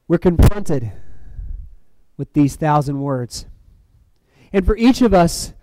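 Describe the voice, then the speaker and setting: A man preaching a reflective sermon, letting phrases fall soft and then lifting sharply for emphasis. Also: on the high side, expressive, slow pace, background noise. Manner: reflective, with soft dropping phrase ends and sudden lifts.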